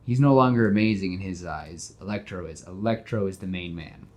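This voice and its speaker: Low-voiced man retelling a movie pitch. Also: fairly quick, darkish tone, a little hiss or hum. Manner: retells scenes, acting out characters' lines; conversational, with fillers and restarts. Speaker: podcast co-host pitching a movie. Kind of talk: casual podcast chat.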